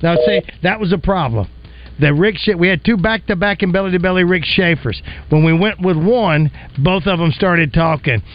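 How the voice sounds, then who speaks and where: A man's voice: high-pitched, muffled recording. A man hosting a morning radio show with playful, teasing comedic banter. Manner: playful, teasing, quick laughs.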